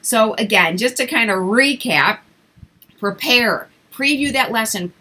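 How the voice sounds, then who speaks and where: Bright-voiced woman giving teaching tips. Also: mid-range voice, rough recording. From English-speaking country. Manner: clear, slow modeling of words for children. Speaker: online English teacher. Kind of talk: casual teaching tips vlog.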